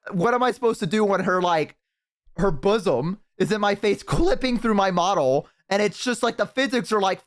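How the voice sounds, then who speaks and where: A man streaming from a headset mic, telling his chat a story in a loose, swear-heavy way. He keeps breaking into big, loud laughs, and his voice sits a little high for a man. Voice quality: profane, laughs hard and loud.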